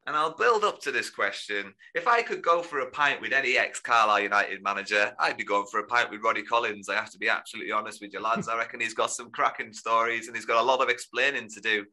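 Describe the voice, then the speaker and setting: A man's voice: mid-range voice, fast, hardly any pauses, pushed and bright. A man hosting a football podcast, chatty and jokey, rambling in casual chat with his guests. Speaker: podcast host.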